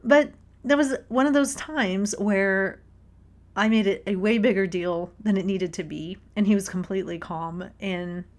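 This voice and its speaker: A woman hosting a casual book commentary, an expressive storyteller who laughs as she talks. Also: mid-range voice. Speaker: podcast host reading a book.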